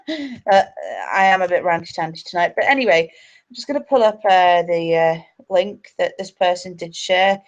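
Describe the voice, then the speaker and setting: A woman's voice: fairly low pitch, measured pace, highs cut off. A woman hosting a live stream, angry, sweary and ranting. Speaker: livestream host.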